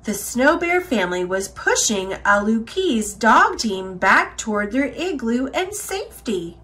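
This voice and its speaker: A woman reading a children's picture book aloud, expressive and unhurried. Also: fairly high pitch. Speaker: storyteller.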